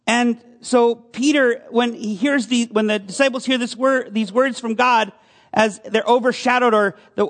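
A male pastor giving a conversational sermon, asking his congregation questions as he goes. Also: high-pitched. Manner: conversational preaching with audience questions.

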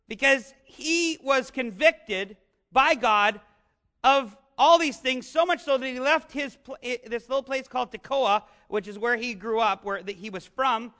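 A man's voice: very high-pitched, pushed and bright. A man preaching a sermon in a conversational way, often asking his listeners questions and slipping in jokes. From northern United States. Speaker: pastor.

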